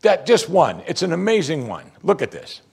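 A middle-aged male pastor preaching an animated sermon, acting out what people say to him. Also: a little high, normal speed, creaky, slightly rough. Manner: animated preaching, quoting congregants in mock voices.

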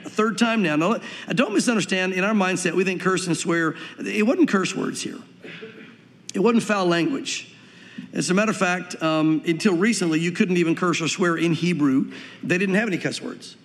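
A pastor from Tennessee with a light Southern US accent, preaching a sermon in a fast, animated way and acting out the voices he quotes. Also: high-pitched. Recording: long reverb of a large hall.

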